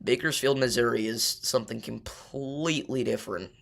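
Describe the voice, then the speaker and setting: A young man hosts a casual livestream and talks straight to his viewers. His voice has a gravelly, fry-laden edge. He drifts between points with lots of fillers and pushes back on their takes. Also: mid-range voice, moderate pace, fairly bright tone. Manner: loose and chatty, many fillers, argues weather takes. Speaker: livestream host.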